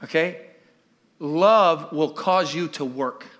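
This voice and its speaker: A man preaching in church with a high, bright voice. He is animated and keeps repeating questions to the congregation. The delivery is a full live sermon. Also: slow. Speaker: pastor.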